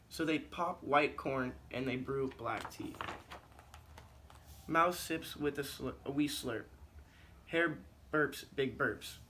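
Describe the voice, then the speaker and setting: A man's voice: mid-range voice, slow, sharp tone, slight background noise. A male teacher in a classroom reading a picture book aloud in a rhythmic, sing-song way, then giving instructions.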